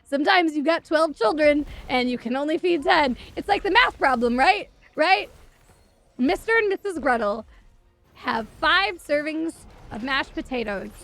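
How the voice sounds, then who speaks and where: A woman streamer casually retelling stories while gaming, sarcastic and profane, animated. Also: high voice, moderate pace.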